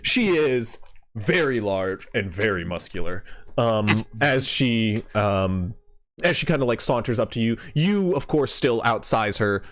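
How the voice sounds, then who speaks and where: A man's voice: on the low side, expressive, measured pace, a bit bright. Laid-back man narrating as game master. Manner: loose, many fillers like uh and like.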